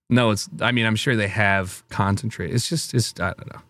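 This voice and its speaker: A man's voice: fairly low pitch, moderate pace, a bit bright, no echo. A man streaming casual reaction commentary, rambling and swearing with a wry, offhand manner.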